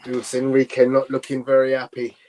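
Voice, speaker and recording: A man's voice: mid-range voice, monotone, a little fast, mellow. A man co-hosting a live football watchalong, chatting casually and thinking aloud in long, rambling remarks. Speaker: watchalong co-host.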